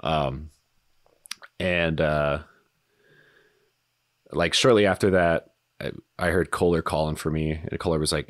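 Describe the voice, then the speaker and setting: A man in his thirties with an extremely deep, low voice tells his story as a podcast guest. He talks casually and haltingly, full of fillers and blunt swearing. The sound is close and dry, with no room echo. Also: fairly even intonation. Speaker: podcast guest, retired soldier.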